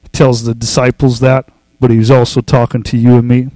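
A man preaching a casual sermon, talking loosely with fillers and restarts, and reading scripture slowly and with emphasis. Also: mid-range voice, no echo, poor audio. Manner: relaxed, conversational, with fillers and restarts. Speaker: pastor.

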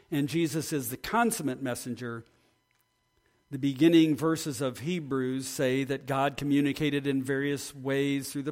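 A man preaching a sermon in an earnest, storytelling way, then leading a prayer. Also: medium pitch. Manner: earnest, builds to excited storytelling. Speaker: pastor.

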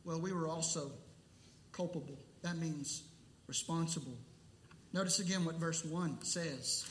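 High-voiced, slow-preaching man in an echoey room. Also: slight background noise. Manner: emphatic, deliberate preaching with pauses. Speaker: pastor. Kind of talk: sermon. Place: church sanctuary.

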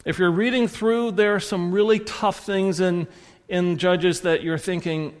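A man's voice: high-pitched, fairly even intonation, measured pace. A man with a Southern American accent preaching a sermon, telling stories and correcting himself as he goes. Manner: rambling storyteller, self-correcting with restarts. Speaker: pastor. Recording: long hall reverb.

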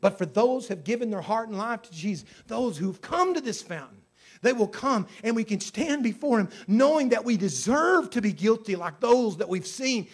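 Guy preaching with a high voice, punchy and emphatic, tells stories from the pulpit. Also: expressive, normal speed. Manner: emphatic, with surges in volume on key phrases; storytelling preacher. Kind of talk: sermon.

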